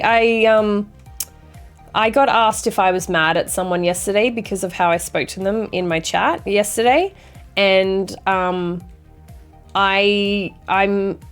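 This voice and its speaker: A young woman streamer chatting casually with her viewers and reading chat aloud, with a dry, sarcastic sense of humor and sassy banter. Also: medium pitch.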